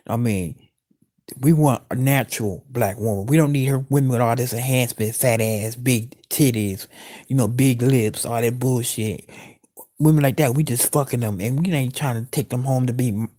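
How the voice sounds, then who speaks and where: A man's voice: mid-range voice, dark tone. A man giving blunt, profane, casual commentary as he reacts to a clip. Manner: blunt, profane street talk.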